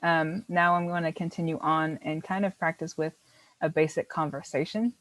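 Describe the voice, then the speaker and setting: A woman's voice: low-pitched, fairly even intonation, moderate pace, a bit bright, no room sound, low-quality recording. A woman teaching a beginner language class, explaining patiently step by step and encouraging her students.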